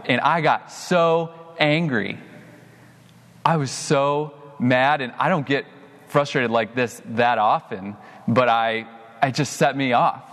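A young adult man preaching a sermon as a pastor, telling a personal story and getting animated when he quotes himself. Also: medium pitch, long reverb tail.

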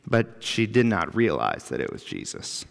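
A man's voice: low-pitched, huge pitch swings, moderate pace, gravelly. A man preaching a sermon as pastor in a church, reflective and earnest, building emphasis through lists. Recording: long reverb of a church hall.

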